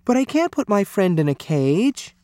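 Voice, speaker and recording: A man's voice: sits high, big pitch swings, moderate pace, no echo, voice pushed up. A man doing an earnest young boy. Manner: pleading, earnest. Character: earnest young boy, fond of his pet.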